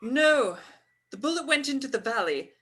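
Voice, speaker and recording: A woman's voice: high-pitched, expressive, moderate pace, a bit bright, husky, full character voice. A woman reading a wordy, formal know-it-all. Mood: earnest. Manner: formal, explaining wordily. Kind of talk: live play reading.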